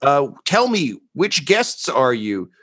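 A man's voice: on the high side, big pitch swings, slow, sharp tone, voice pushed up, full character voice. Man doing sing-song robed cultists. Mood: eerily eager. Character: chorus of creepy eager robed cultists.

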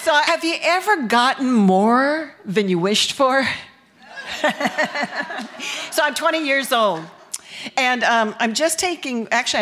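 A woman's voice: on the high side, a bit bright, a little hiss or hum. A woman from the United States telling a bawdy personal story on stage, candid and laughing as she goes. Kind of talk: live storytelling performance.

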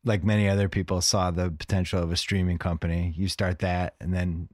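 A man's voice: low voice, level tone, brisk, no room sound, studio quality. A man hosting a podcast interview, asking loose questions full of fillers. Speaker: podcast host.

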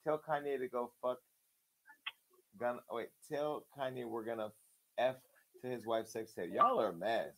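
A man's voice: medium pitch, moderate pace, long pauses, background noise. A man hosting a live call-in show, brash and joking, talking to callers bluntly. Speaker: host.

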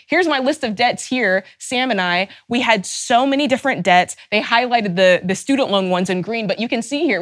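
A woman's voice: fairly high pitch, fairly bright tone, no echo, studio quality. A woman host giving a fervent, emphatic motivational talk, stacking rhetorical questions and openly angry on her listeners' behalf. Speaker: personal finance show host.

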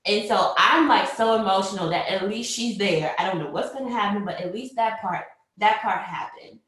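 Animated woman storyteller, very echoey room. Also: mid-range voice, moderate pace. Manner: animated, acts out quotes, laughs often. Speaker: mother telling her birth story. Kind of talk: personal storytelling to camera.

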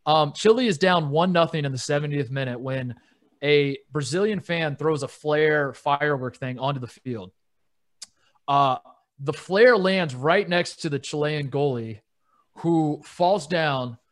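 A man co-hosting a sports podcast, telling stories in a rambling, casual way with frequent laughs. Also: fairly high pitch. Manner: rambling storyteller, laughs often. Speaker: podcast co-host.

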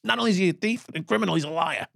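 A man's voice: sits high, very fast, vocal fry, fairly bright tone, dry recording, clean studio sound. A man in his sixties, a former police officer, telling stories as a podcast guest, swearing freely and laughing at his own tales. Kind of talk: profane storytelling in an interview.

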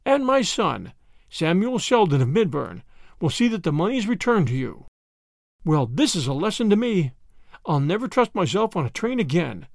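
A man's voice: high-pitched, creaky, no room sound, studio quality, heavily acted. A man voicing a fussy, easily flustered old grandmother in a read-aloud story. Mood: grateful. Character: fretful chatty old grandmother.

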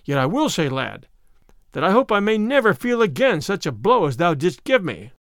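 A man's voice: high-pitched, big pitch swings, normal speed, no room sound, studio quality. A man doing Robin Hood, hearty bold outlaw. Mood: rueful. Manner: hearty, exclaiming old-fashioned speech.

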